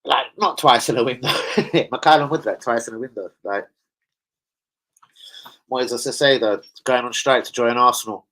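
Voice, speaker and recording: A man's voice: medium pitch, normal speed, fairly bright tone, poor audio. A man hosting a football fan live stream, swearing heavily and bantering with slang as he reads the chat. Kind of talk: casual live-stream rant reading chat.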